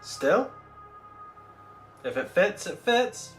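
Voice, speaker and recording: A rambling, chatty man with a fairly high voice hosts a relaxed livestream, thinking aloud and answering viewers as he works. His voice carries a roomy echo, with faint music running underneath. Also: extremely slow. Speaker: miniature-painting livestreamer. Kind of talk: casual livestream chat. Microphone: Bluetooth microphone.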